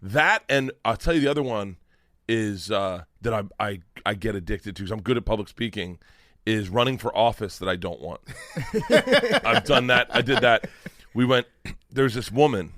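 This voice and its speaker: A middle-aged man telling a long story in casual chat, animated, swearing and laughing as he goes. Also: fairly low pitch, moderate pace, no room sound, studio quality. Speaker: comedian podcast guest.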